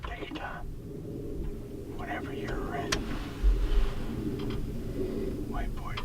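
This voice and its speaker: A man's voice: moderate pace, a bit bright, in a whisper. A man announcer reading a scripted product ad in an upbeat sales tone. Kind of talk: scripted ad read.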